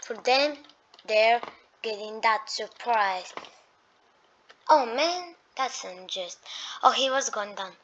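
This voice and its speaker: A woman doing excitable let's-play gameplay commentary, talking to the enemies and breaking into sudden shrieks of alarm. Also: a little high, takes it slowly, pauses often, slight background noise. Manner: talks to enemies as she plays. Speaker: gaming YouTuber. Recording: dull lo-fi mic.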